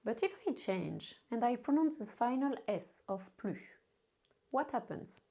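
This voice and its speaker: A woman with a French accent teaches a language lesson at an unhurried pace. Her voice is mellow and soft-edged. She repeats each example sentence slowly and carefully. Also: a little high, very animated, gravelly.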